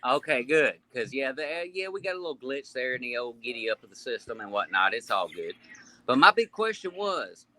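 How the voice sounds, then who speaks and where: A man's voice: mid-range voice, sing-song, a little fast, bright, forceful tone, a little hiss or hum. A man on a video call, asking a question in rambling, folksy phrasing. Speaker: podcast co-host. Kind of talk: casual chat.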